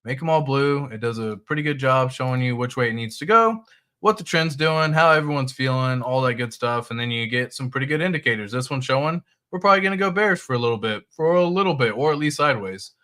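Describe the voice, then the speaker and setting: A man's voice: mid-range voice, lively intonation, fast talker, bright, forceful tone. A man hosting a crypto livestream, talking loosely through charts and reading viewer chat, with the odd swear.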